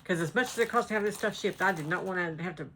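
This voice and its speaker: Chatty Southern woman, low and easygoing. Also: fast, fairly bright tone, slight background noise. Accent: Southern American. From North Carolina. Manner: chatty, rambling, laughs often. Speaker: cross-stitch vlogger. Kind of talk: casual chat. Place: home.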